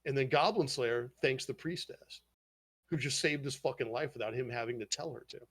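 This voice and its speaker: A man's voice: medium pitch, a little fast. A man hosting a podcast, casually swearing as he eagerly retells an anime plot. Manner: profane, animated storytelling retelling scenes. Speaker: podcast host.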